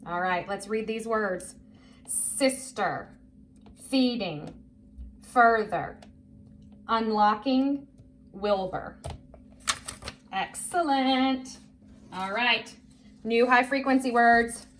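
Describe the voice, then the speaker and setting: Woman, teacher, children's reading lesson, slow and deliberate, encouraging, faint background hum. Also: on the high side, a bit bright. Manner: patient and encouraging, spells words out letter by letter.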